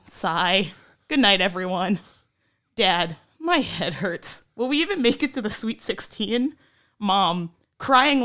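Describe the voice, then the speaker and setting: A woman's voice: medium pitch, fairly bright tone. A woman co-hosting a sports podcast, giving a comic, exasperated dramatic reading of text messages, swearing and laughing along the way. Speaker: podcast co-host.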